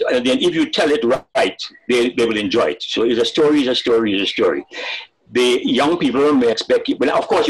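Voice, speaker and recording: An older man, talking as a storyteller in a webinar interview, animated and laughing at his own jokes. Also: lowish voice, breathy edge, rough recording. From Caribbean. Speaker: storyteller and writer. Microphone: video call.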